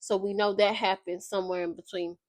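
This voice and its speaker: A woman's voice: mid-range voice, fairly quick, no echo. Slangy woman recapping a book. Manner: slangy, animated retelling. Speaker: video creator.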